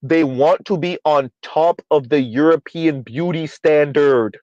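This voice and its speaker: A man holds forth on a live stream in a slightly raised voice, preaching his points and repeating key lines slowly for emphasis. He stops now and then to read viewer comments aloud. The audio is dull and lo-fi, with a dry, close sound and no room around it. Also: a little high, darkish tone, no echo. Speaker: livestream commentary host.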